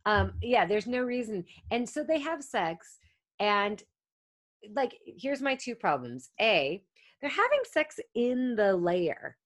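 Animated woman recapping a movie. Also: fairly high pitch, takes it slowly, no room sound. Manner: animated, acts out lines from scenes. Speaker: podcast co-host. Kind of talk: casual movie recap chat.

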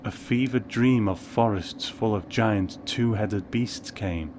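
A man narrating a first-person story in a measured, wry way. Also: lowish voice, noisy background.

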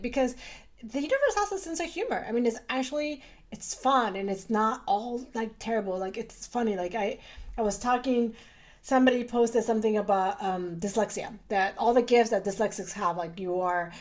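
Chatty woman with a bright high voice. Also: brisk. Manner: chatty, animated, many fillers. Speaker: urologist, guest. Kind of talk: casual conversation.

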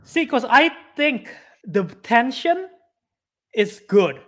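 Young male podcast co-host, high and bright, rambling casual retelling. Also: very animated. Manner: rambling, retells scenes with quick acted-out quotes. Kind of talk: casual chat.

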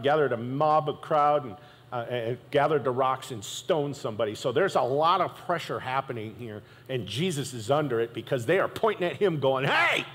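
Conversational pastor in a reverberant hall. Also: male voice, medium pitch. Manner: conversational preaching, keeps asking "right?". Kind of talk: sermon. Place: church sanctuary.

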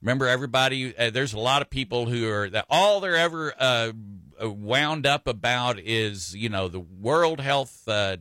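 Bright-voiced folksy radio host. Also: male voice, medium pitch, moderate pace, no room sound. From Texas. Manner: folksy, rambling, with many fillers and restarts. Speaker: radio talk show host. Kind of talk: casual radio talk.

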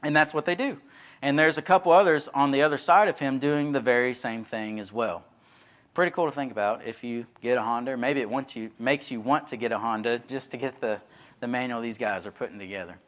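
A man's voice: mid-range voice, fairly quick, a bit bright. Folksy preacher man. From Texas. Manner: folksy, conversational, acts out quoted voices. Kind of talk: sermon with storytelling.

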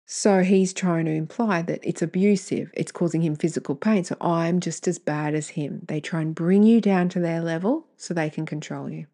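A woman's voice: lowish voice, steady tone, moderate pace, hardly any pauses, dark tone. A woman hosting her own podcast, reading emails aloud and commenting bluntly, with rambling asides and free swearing. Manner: candid, blunt, swears freely; rambling, self-correcting asides. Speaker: podcast host.

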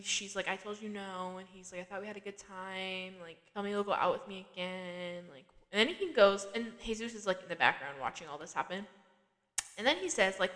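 In relaxed, conversational chat, a woman hosting a podcast walks through a TV episode, laughing often and saying "like" constantly. Her pitch sits in the middle, and lengthy reverb hangs after her words.

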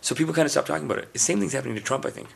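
A man's voice: a little high, very fast, creaky, breathy edge. A man from India chatting casually on a podcast, telling rambling stories and acting out quoted voices. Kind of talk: casual chat.

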